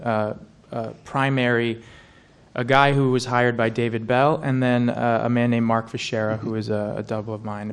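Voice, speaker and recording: An actor answering at a press conference, self-deprecating and joking, with halting phrasing. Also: male voice, mid-range voice, smooth. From United States. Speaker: film actor on a press panel.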